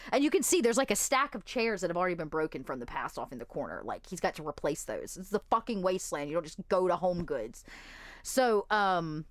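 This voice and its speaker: A woman's voice: on the low side, big pitch swings, a little fast, dry recording. A woman game master narrating a tabletop role-playing game in a casual, rambling way, with many fillers.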